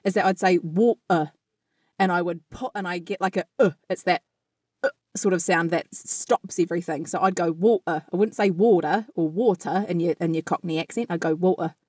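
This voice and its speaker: A woman with a New Zealand accent co-hosting a podcast, chatty and quick to laugh, explaining things at length. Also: lowish voice, steady tone, darkish tone, breathy edge, no echo, studio quality. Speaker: podcast co-host. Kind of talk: casual chat and explanation.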